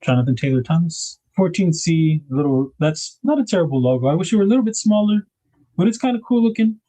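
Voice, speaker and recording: A man's voice: fairly high pitch, expressive, fast talker, warm tone, low-quality recording. A man hosting a knife livestream, chatting casually and rambling as he unboxes gear. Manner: laid-back, rambling, thinks aloud with fillers.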